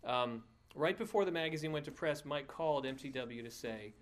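A man's voice: medium pitch, a little fast. A male pastor tells a story to his congregation in a loose, conversational sermon style. He keeps restarting phrases and dropping in fillers, and he chuckles now and then at his own asides.

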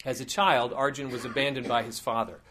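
A man's voice: mid-range voice, fairly even intonation, a little fast, sharp tone, a little hiss or hum. A man preaching a sermon as a teaching elder, telling a story earnestly with many fillers and restarts. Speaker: pastor.

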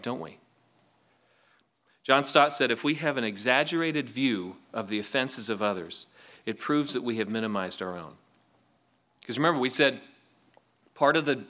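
In this sermon, a man whose voice sits in the mid range with a fairly bright tone reads passages of scripture. As a pastor, he speaks conversationally, posing rhetorical questions to his congregation.

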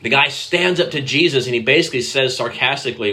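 Bright-voiced man preaching a sermon. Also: medium pitch, fast talker, few pauses. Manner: conversational preaching, addressing children directly, animated quoted voices. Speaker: pastor.

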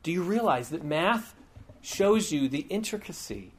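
A man's voice: fairly high pitch, very animated, unhurried, breathy edge. A man giving a conversational teaching sermon, informal and digressive, with frequent asides and light humor.

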